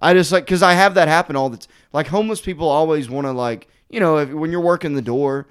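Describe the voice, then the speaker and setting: A man hosting a podcast, telling a story in casual chat, animated and swearing, full of "like" fillers as he acts out what people said. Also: on the high side, quick pace, clean tone.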